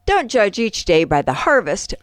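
Animated woman radio co-host. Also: mid-range voice, normal speed, no room sound, studio quality. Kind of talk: reading ads and jokes on farm radio.

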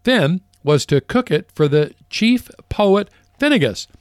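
A man's voice: sits high, big pitch swings, measured pace, clean tone, no room sound, clean studio sound. A man hosting a farm radio show, chatting casually and reading short segments in a folksy way. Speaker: radio host.

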